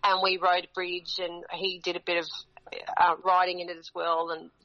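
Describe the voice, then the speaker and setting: A woman's voice: lowish voice, moderate pace. A woman, a singer-songwriter guest on a radio interview, telling a story with lots of laughter and acted-out voices. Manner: animated, laughing, acting out quoted voices. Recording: dull lo-fi sound.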